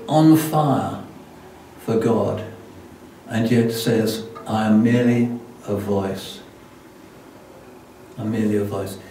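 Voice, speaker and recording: A man's voice: mid-range voice, warm tone, slight background noise. An older man preaching as a guest, telling a self-deprecating story with many restarts. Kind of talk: sermon with anecdotes. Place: church hall. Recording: echoey church hall from far off.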